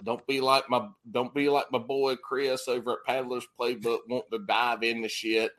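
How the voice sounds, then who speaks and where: A man hosting a podcast, bantering crudely and laughing loudly with his guests. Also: mid-range voice, flat delivery, normal speed. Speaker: podcast host. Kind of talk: casual chat.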